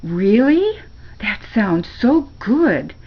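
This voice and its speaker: A woman's voice: medium pitch, expressive, slow pace, vocal fry, slightly rough, highs cut off, heavily acted. An older woman reading a storybook aloud and voicing an earnest young boy who is eager to please. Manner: pleading, then scolding his dog sharply.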